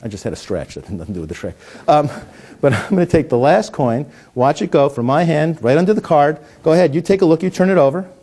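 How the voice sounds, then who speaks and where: A middle-aged man's slightly high, warm voice moves quickly and animatedly, with a little hiss or hum in the audio. He cracks puns while doing coin magic, then explains it, often restarting his words.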